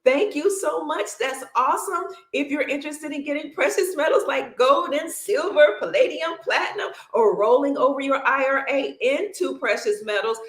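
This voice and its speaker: A woman hosting a livestream, chatting casually and warmly thanking viewers by name, calling them honey, sister and family, long-winded and bubbly. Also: sits high, moderate pace, few pauses, echoey room. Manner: effusive and affectionate, calls viewers honey, sister, brother and family. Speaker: livestream host. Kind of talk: casual livestream chat reading viewer comments.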